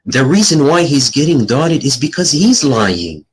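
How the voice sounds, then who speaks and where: A man's voice: mid-range voice, very animated, a little slow, husky, low-quality recording. A man debating in an online voice chat room, taunting and mocking his opponent.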